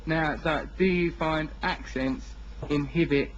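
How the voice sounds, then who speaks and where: A man with an Essex accent hosts a radio chat in a teasing, mocking way. His voice sits a little high. The sound is a dull, muffled broadcast with a light hiss under it. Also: steady tone. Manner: mocking, quick with comic put-on voices. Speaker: radio host. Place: radio studio.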